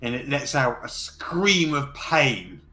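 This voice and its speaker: A man narrating as game master of a tabletop role-playing game in an easygoing, relaxed way. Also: mid-range voice, slow pace.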